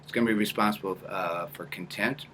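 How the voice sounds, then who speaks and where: Man, acting coach, lesson, demonstrating hums, lowish voice, faint room noise. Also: fairly quick. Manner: demonstrates hums and small vocal sounds between calm guidance. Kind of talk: instructional tutorial.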